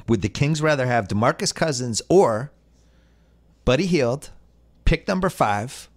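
A man hosting a casual sports podcast, reading listener mail with wry storytelling. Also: medium pitch. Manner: wry, storytelling, puts on voices when quoting people. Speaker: podcast host.

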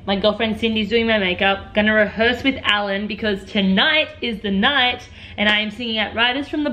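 A woman's voice: medium pitch, pushed and bright, muffled recording. A woman in her twenties with an Australian accent, chatting to camera in a bubbly, playful vlog. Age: 20s. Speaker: vlogger. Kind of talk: casual vlog chat to camera.

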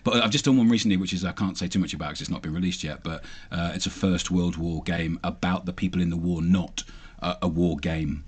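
A man who is an actor and voice actor, chatting quickly and easily in an interview and laughing often. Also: deep voice, slightly rough. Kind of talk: casual interview chat.

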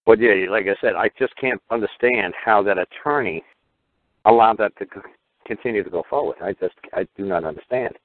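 Fast-talking man on tinny radio. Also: fairly low pitch, dry recording. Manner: rapid, mocking, acts out quotes. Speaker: host. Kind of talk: call-in radio talk. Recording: tinny phone-like radio audio.

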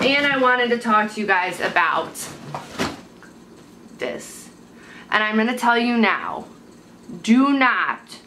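A young woman talks to her handheld camera at home, rambling from one thing to the next and turning blunt and sweary when something annoys her. Her voice sits at an ordinary middle pitch. A steady hiss runs under the home recording. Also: rough recording. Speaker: beauty vlogger. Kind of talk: casual chat to camera. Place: at home, indoors. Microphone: handheld camera mic.

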